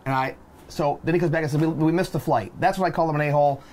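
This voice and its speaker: A man co-hosting a podcast, retelling a bad travel day in an animated, exasperated way and acting out the people in it. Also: on the high side, fast, a little hiss or hum. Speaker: podcast co-host. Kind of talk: casual storytelling.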